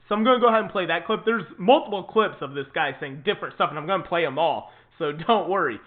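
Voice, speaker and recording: Man, show host, political commentary, indignant, emphatic, high voice, tinny phone-like sound. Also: animated, fast. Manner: indignant, emphatic, repeats for stress.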